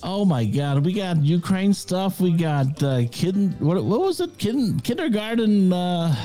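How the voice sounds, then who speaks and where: Guest guy on a stream, mellow voice, slightly high, wry and hyped, faint music. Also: lively intonation, unhurried. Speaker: guest co-host. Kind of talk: casual livestream chat.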